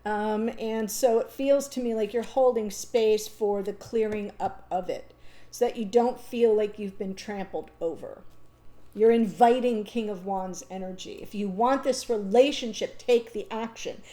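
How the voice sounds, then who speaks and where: A woman's voice: mid-range voice, a little slow, mellow. A woman reading tarot cards aloud in an unscripted monologue. She speaks in a thoughtful, reassuring way and thinks aloud with ums and restarts. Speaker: tarot reader.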